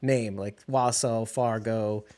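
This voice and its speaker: A man co-hosting a casual podcast chat about a TV show, animated and laughing often. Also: on the low side, slow pace. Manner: laughing, animated, does playful voices. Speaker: podcast co-host.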